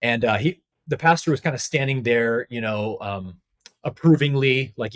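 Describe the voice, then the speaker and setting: A man at a middle pitch tells a personal story as a podcast guest. He talks in a candid, animated, conversational way, using plenty of casual fillers. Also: moderate pace. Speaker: podcast guest, spiritual teacher.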